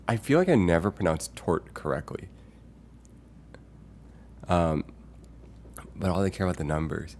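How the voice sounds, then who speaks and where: Deep-voiced man musing aloud on stream. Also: a little mellow, slight background noise. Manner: rambling and musing, thinking aloud with many fillers; reads chat messages aloud and greets viewers. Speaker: live streamer. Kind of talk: casual chat with viewers.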